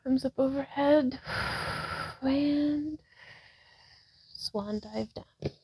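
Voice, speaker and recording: A yoga instructor with a high-sitting, husky voice draws out her words and leaves long pauses while guiding breaths and poses indoors at home by a wall. She sometimes runs short of breath, laughs at herself, and chats in a relaxed way, with some self-talk between cues. The recording is dry and rough.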